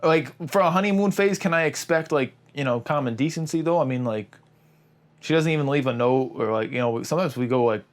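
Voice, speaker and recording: A man's voice: fairly high pitch, fairly quick. A man improvising a comedy role-play on a podcast, teasing and packing his talk with fillers. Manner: teasing, filler-heavy with many "like"s.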